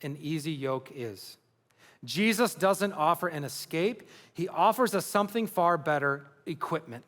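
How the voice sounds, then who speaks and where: A man's voice: a little high, expressive, unhurried, fairly bright tone, long reverb tail. A man preaching a sermon as pastor, earnest and building to passionate emphasis. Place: large church hall.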